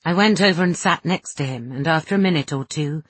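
A woman narrating an audiobook in a slow, soft, measured reading with a husky voice. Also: low voice, no echo. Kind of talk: scripted narration.

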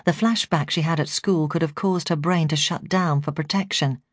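A woman reading a memoir aloud, voicing a calm female social worker who gives measured advice. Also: low voice, dry recording, clean studio sound.

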